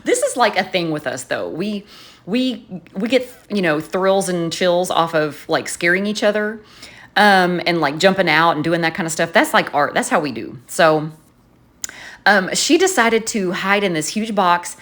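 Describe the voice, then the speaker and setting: A woman, a journaling vlogger chatting in a casual, animated, expressive way as she tells a story. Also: on the low side, measured pace.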